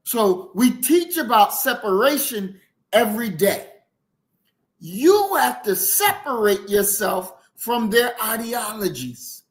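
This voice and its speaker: Male commentator, slow and preachy, emphatic delivery. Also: lively intonation. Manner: preachy, emphatic, swings from shouting to low murmurs. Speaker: commentator reacting to a clip. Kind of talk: impassioned commentary.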